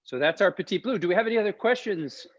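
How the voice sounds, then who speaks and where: A man's voice: high voice, expressive, quick pace, dry recording, lo-fi sound. A man co-founding a winery, presenting a live online wine tasting in an enthusiastic, chatty way and explaining as he tastes. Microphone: video call.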